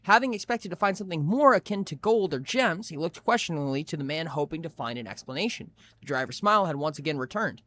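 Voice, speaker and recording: A man's voice: a little high, animated, fast, few pauses, fairly bright tone. A man streaming live, reading a story aloud expressively with frequent restarts.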